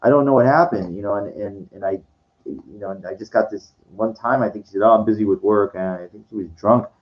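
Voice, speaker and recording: A man telling a personal story in a casual monologue, halting and rambling, with many restarts, fillers and casual swearing. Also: on the low side, highs cut off. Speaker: vlogger.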